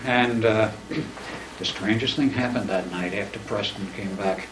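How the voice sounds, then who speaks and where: Speaking unhurriedly in a fairly low pitch, this man wanders through a long personal tale in a casual living-room conversation, animatedly performing each line of dialogue. The sound is roomy and distant, with a little background noise.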